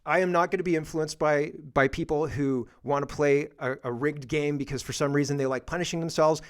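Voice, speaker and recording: A high-voiced man hosting a heated political talk show, swearing often and hammering the same phrase again and again. He sounds frustrated and worked up. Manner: frustrated, profane, emphatic repetition. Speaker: show host.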